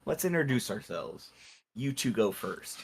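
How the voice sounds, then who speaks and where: A man's voice: mid-range voice, lively intonation, measured pace, vocal fry, slight background noise. A man taking his turn in a tabletop game, describing his character's actions in first person with hesitant restarts. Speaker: player. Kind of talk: tabletop game role-play.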